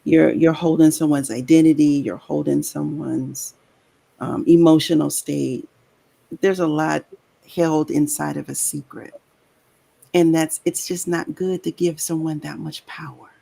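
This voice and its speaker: A woman on an online talk show panel, speaking in a soft, thoughtful and measured way over a video call. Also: low voice, steady tone, creaky, low-quality recording. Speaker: regular panelist. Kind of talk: casual chat.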